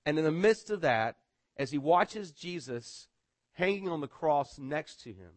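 A man's voice: a little high, lively intonation, unhurried, no echo. Male pastor, middle-aged, sermon delivery, chatty, stumbling repeats, dry sound. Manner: conversational, repeats words, often asks "right?".

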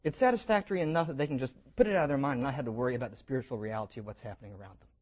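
A man preaching a sermon, retelling scripture as lively stories with jokes and invitations to imagine. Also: medium pitch, rapid-fire. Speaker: pastor.

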